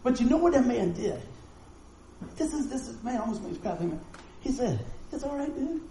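A man's voice: extremely high pitch, sing-song, fast, mellow, slight background noise. Folksy man preaching in an echoey hall. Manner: folksy, conversational preaching with rhetorical questions. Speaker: pastor. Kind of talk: sermon. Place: church hall with congregation. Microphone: live stream mic.

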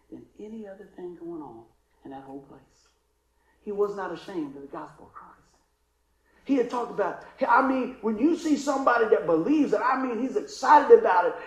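A man's voice: high voice, reverberant, poor audio. A man preaching as a pastor, telling a story with frequent chuckles and acting out the people in it. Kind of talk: storytelling sermon.

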